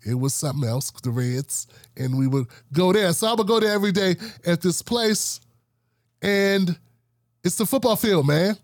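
Animated storytelling podcast host, man. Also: sits high, moderate pace, dry recording, studio quality. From Washington, D.C. area. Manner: animated, acts out quoted coworkers. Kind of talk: casual storytelling chat.

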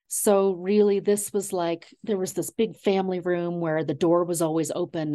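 A middle-aged woman, an author being interviewed, telling family memories in a warm, digressive way with many fillers. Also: lowish voice. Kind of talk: reflective storytelling.

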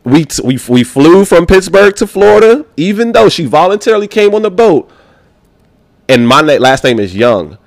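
A man from Baltimore, a podcast guest, telling a story in a slangy, animated way and acting out the voices of the people in it. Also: a little high, moderate pace, no room sound, clean studio sound. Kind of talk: casual storytelling.

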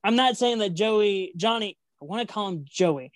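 A woman's voice: medium pitch, expressive, normal speed, no echo. A woman co-hosting a casual podcast, chatty and playfully competitive, rambling as she makes her predictions. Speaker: podcast co-host making match predictions. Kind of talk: casual chat.

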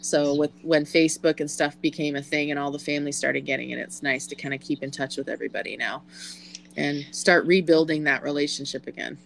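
A woman's voice: sits low, steady tone, a little fast, gravelly, a little hiss or hum, low-quality recording. A woman co-hosting a podcast, chatting casually and putting questions to the others with lots of fillers. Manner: asks questions with many fillers. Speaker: podcast co-host. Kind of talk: casual chat.

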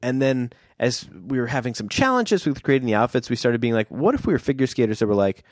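A man's voice: mid-range voice, very animated, fast, no echo, clean studio sound. A young adult man telling a long family story in casual chat, rambling with fillers and restarts.

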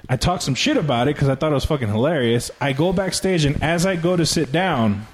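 A man comedian telling a story in a casual, profane, animated way on a podcast. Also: on the high side, brisk, a little hiss or hum. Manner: profane, animated, laughing through the tale.

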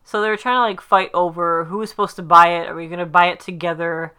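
Chatty woman with a bright, clear voice. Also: on the low side, fairly even intonation, fairly quick. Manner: chatty, rambling with many fillers, acts out quotes. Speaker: podcast co-host recapping a sitcom episode. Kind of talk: casual chat.

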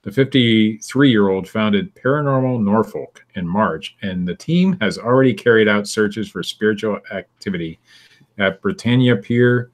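Speaking at a moderate pace in a lowish voice, this podcast co-host chats casually and gives a wry reading of odd news stories, with occasional laughter.

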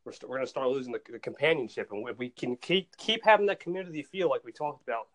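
A male podcast host chats casually, telling stories in an excitable, animated way and often repeating words. He speaks quickly at a medium pitch.

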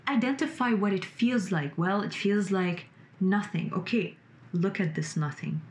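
A woman's voice: medium pitch, a little slow. A woman vlogging about her emotions in a casual, rambling way, with plenty of "like" and swearing, sitting in a room lit by her computer. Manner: rambling, frequent "like" and swearing, expressive rises. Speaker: vlogger sharing personal growth. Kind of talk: casual spoken monologue.

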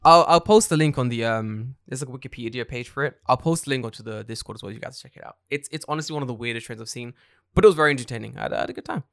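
A young man hosts a podcast in a dry, close-miked room, his voice sitting at a mid pitch. He tells stories in animated, profanity-laced casual chat. He throws himself into quoting other people. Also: very fast, creaky, no room sound. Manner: animated, swearing storyteller who acts out quotes. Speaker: podcast host.

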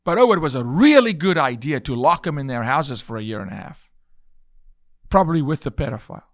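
A man's voice: a little high, sing-song, a little fast, no echo, clean studio sound. A man hosting a podcast, delivering an emphatic, preachy monologue full of repeated phrases and illustrative stories. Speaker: podcast host.

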